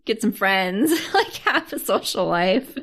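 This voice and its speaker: A woman's voice: medium pitch, slow pace. A young adult woman casually recapping a drama, laughing often and acting out the characters' quotes. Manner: animated storytelling, laughs often, acts out quotes. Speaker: podcast co-host recapping a drama. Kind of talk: casual chat.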